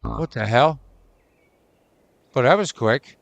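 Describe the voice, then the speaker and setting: A man's voice: mid-range voice, animated, normal speed, a bit bright, no room sound. A man giving casual, profanity-laced commentary while playing a video game with a friend. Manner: chatty, swears freely, reads game text aloud. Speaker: gaming channel host. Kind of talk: casual let's play commentary.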